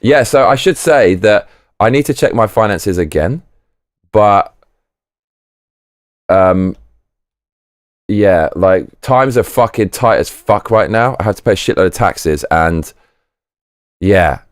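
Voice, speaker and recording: A man's voice: lowish voice, expressive, slow pace, pauses often, no echo, clean studio sound. A man hosting a live chat stream, rambling and swearing freely with lots of restarts. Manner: rambling and profane, with many restarts. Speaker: livestream host.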